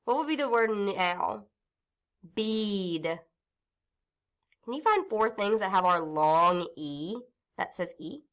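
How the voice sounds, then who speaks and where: A woman teaching a phonics lesson to young children, stretching words out and sounding them slowly. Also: medium pitch, expressive, a bit bright. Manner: slow, sing-song teacher talk, stretching out words and sounds.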